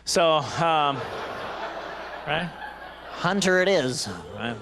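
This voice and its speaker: A man in his forties doing live stand-up, his voice sitting a little higher than most men's. He rambles and chuckles his way through self-deprecating tangents. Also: lively intonation, extremely slow, noisy background. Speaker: stand-up comedian. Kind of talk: stand-up comedy. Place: live banquet stage.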